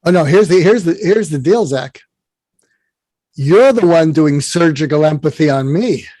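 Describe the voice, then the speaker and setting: A man with a fairly high voice tells long, wandering stories as an interview guest, often restarting his sentences. The sound is dry and close. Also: expressive, a little slow, dark tone, no echo. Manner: rambling storyteller, many restarts. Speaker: psychiatrist guest. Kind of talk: conversational interview storytelling.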